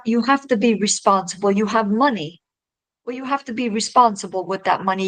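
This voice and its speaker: A woman's voice: medium pitch, low-quality recording. A woman speaking as a podcast guest, talking earnestly and emotionally in a rambling way with many restarts. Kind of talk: casual interview talk.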